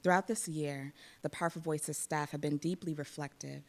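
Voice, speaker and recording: Low-voiced woman giving a speech. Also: fairly even intonation, moderate pace. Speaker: executive director. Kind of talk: prepared speech.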